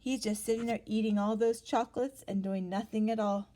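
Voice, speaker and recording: A woman reading a picture book aloud to children, pausing to ask them gentle questions. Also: medium pitch, fairly even intonation. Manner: gentle, asks the listener questions, gasps for effect.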